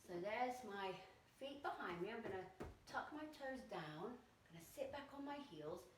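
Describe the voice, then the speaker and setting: A woman's voice: a little high, expressive, normal speed, slight background noise. Woman, kids' yoga teacher, bouncy sing-song delivery, recorded from a distance in an echoey room. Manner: encouraging, sing-song instructions with animal sounds. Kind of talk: guided children's yoga class.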